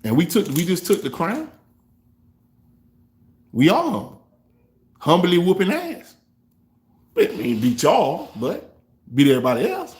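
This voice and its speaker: A man hosting a fan reaction show, trash-talking rival fans in a loose, animated way. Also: high-pitched, unhurried, pauses often. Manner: trash-talking, animated, African American Vernacular English grammar. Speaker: sports fan show host.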